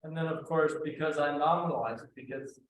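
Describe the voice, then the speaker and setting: A man's voice: fairly high pitch, steady tone, fairly quick, distant mic. Man explaining at a panel in an echoey room. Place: museum event room. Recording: echoey room with faint noise.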